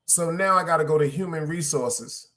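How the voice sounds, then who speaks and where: A man ranting through a work story on his podcast, profane and animated, repeating lines for emphasis and calling out to his listeners. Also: a little high, normal speed. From Brooklyn, New York. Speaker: podcast host. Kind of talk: casual storytelling rant.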